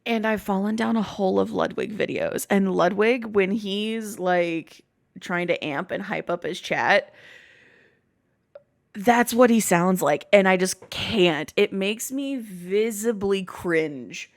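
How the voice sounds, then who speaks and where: A woman's voice: mid-range voice, creaky. A woman hosting a casual podcast chat, rambling and swearing freely. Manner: swearing, rambling, quick asides. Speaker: podcast host.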